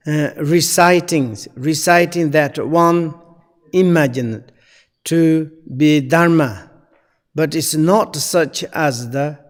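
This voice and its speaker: A man with a slightly high voice teaches Buddhist Dharma, speaking slowly in non-native English. He stops often with fillers as he searches for the right words. His voice carries a long hall-like reverb.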